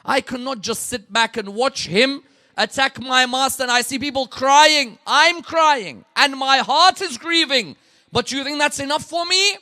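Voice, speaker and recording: A man's voice: low voice, very animated, normal speed, hardly any pauses, a little mellow, no room sound, studio quality, voice pushed down, full character voice. A man voicing a fierce, grieving woman servant who cries out in anguished outrage, in a religious sermon.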